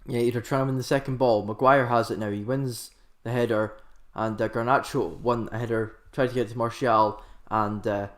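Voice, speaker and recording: A man commentating a football match live for his own channel. He is excitable and rambling and keeps correcting himself mid-sentence. His voice sits at an everyday middle pitch. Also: moderate pace. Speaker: host of a live football watchalong.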